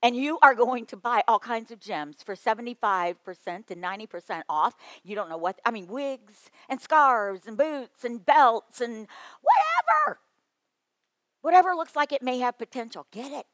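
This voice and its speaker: Bright lively woman giving a workshop talk, playful, talks right at the crowd, dry close sound. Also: on the high side, moderate pace, dry recording. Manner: lively, playful, addresses the audience directly. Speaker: children's ministry workshop presenter.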